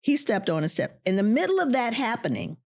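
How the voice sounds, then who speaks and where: A middle-aged professor appearing as a podcast guest tells a personal story with animation, voicing the people in it herself. Her pitch is fairly high and she talks fairly quickly.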